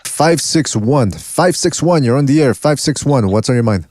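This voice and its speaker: A man's voice: mid-range voice, lively intonation, normal speed, a little mellow, no room sound, clean studio sound. A man hosting a casual boxing call-in show, joking around and laughing often while he takes callers. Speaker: podcast host taking calls.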